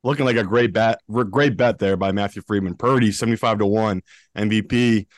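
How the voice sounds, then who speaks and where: A man from northern England with a northern English accent, co-hosting a betting podcast in a blunt, swearing, animated casual chat. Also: fairly low pitch, brisk, no room sound. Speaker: co-host, professional bettor.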